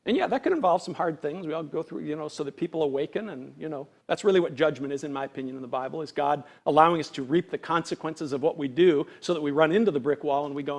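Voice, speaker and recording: Pastor guy preaching, pretty high voice, chatty, lots of "right?" questions, gets loud then drops real quiet. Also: fast. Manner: earnest, conversational preaching with rhetorical questions; acts out quoted voices with big swings in pitch and volume. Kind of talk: sermon.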